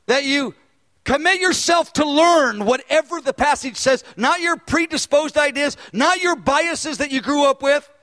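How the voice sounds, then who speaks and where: A man preaching a sermon and teaching a Bible study, animated, and acting out dialogue when he tells stories. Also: very high-pitched, a little slow. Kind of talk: sermon with storytelling.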